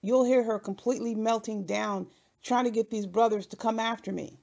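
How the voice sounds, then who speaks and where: Woman host ranting over clips, kinda high voice, mocking and combative. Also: steady tone, normal speed, creaky, a little mellow. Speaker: channel host. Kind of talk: commentary.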